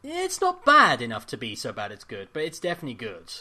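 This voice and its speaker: A man co-hosting a casual pop culture chat, animated and excitable, swearing freely. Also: medium pitch, fast talker. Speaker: podcast co-host.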